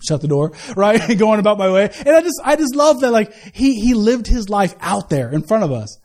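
High-voiced man preaching with stammered restarts. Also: very animated, moderate pace, a little mellow. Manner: casual, joking preaching with many stammered restarts. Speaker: pastor. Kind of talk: sermon.

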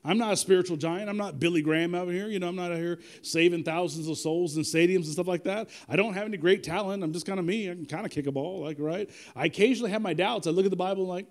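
A man's voice: high-pitched, fast, hardly any pauses. A man preaching a sermon in a conversational, storytelling way with humor. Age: adult with children.

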